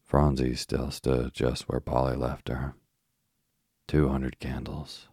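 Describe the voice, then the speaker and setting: A man with a very deep, gravelly voice narrates a bedtime story. His reading is slow, soft and flat in tone. The recording is close and dry, with no room sound. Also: no echo. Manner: soft, even, unhurried.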